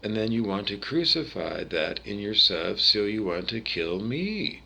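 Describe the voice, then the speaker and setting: A man's voice: on the low side, big pitch swings, unhurried, gravelly, pushed and bright. A man from Canada talking alone to camera in a rambling, digressive monologue full of tangents and restarts. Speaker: vlogger.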